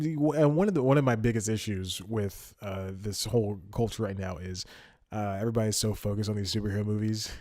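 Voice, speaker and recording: Male solo comedy podcaster, lowish voice, loose rambling delivery, dry close studio sound. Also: a little mellow, no echo. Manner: rambling and self-interrupting, wry. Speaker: podcast host. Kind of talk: casual solo comedy monologue. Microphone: studio mic, wearing headphones.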